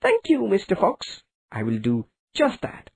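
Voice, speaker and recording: A woman's voice: medium pitch, huge pitch swings, a little slow, vocal fry, darkish tone, husky, pitched above the performer's own voice, heavily acted. A woman voicing a boastful little gingerbread man cookie in a taunting sing-song chant. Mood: polite.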